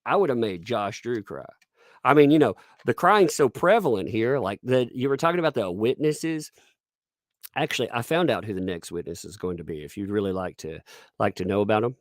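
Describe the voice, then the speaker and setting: A man's voice: dry recording, clean studio sound. A man hosting a live stream, commentating sarcastically, reading chat and laughing often. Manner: puts on squeaky mocking voices when quoting people.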